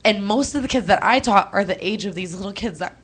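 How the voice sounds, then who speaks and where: A young woman, chatting on a call-in show, animated and quick to laugh, emotional and close to tears at times. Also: medium pitch, breathy edge. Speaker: co-host. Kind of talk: casual radio chat.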